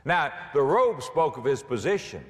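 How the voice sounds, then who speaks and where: Animated preacher in a reverberant hall. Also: male voice, a little high, normal speed. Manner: dramatic, rising to shouts at climaxes. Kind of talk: sermon.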